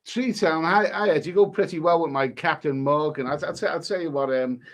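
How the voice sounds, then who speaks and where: A man's voice: fairly high pitch, fairly quick. A middle-aged man from England hosting a casual live stream, reading out viewer names and messages and chatting about them. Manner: rambling, chatty, reads out usernames and messages.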